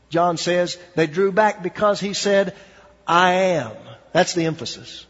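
Husky man preaching in an echoey hall. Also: fairly high pitch, animated, normal speed. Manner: dramatic preaching, swings from hushed to emphatic. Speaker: pastor. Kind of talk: sermon. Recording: dull, echoey hall recording.

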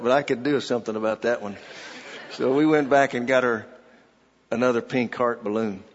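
A man delivers a sermon at a slow, unhurried pace, telling a family anecdote and reading scripture aloud. His voice carries a long reverb tail, and the sound is somewhat dull and muffled. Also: medium pitch, slightly rough. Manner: slow, deliberate preaching with personal stories and read scripture. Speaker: pastor.

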